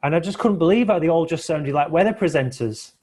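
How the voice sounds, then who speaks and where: A man hosts a relaxed film watch-along, telling stories as he goes. His pitch sits a little above the average for a man. He keeps tossing in tag questions to draw his co-host in. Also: fast. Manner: chatty, storytelling, tag questions. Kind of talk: casual film commentary chat.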